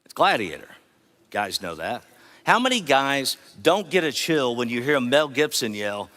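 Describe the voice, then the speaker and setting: A man's voice: mid-range voice, very animated, normal speed, bright, forceful tone. A middle-aged man giving a motivational keynote speech in an earnest, rhetorical manner, drawing the audience in. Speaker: keynote speaker.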